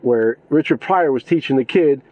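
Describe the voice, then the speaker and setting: Male podcast co-host, relaxed storyteller, muffled lo-fi sound. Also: mid-range voice, moderate pace. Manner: storytelling, laughing, recounting movie scenes. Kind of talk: casual chat.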